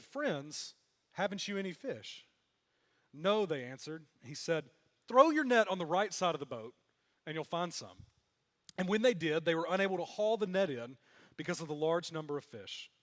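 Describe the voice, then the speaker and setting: A man's voice: high-pitched, a bit bright. A man preaching a sermon as pastor, telling the story with animation and acting out what the characters say. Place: church hall. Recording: long reverb of a church hall.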